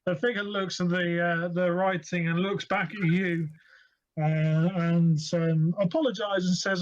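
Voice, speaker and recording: A man's voice: high-pitched, fairly even intonation, unhurried. A man narrating as game master, describing scenes wryly with fillers. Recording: dull lo-fi audio.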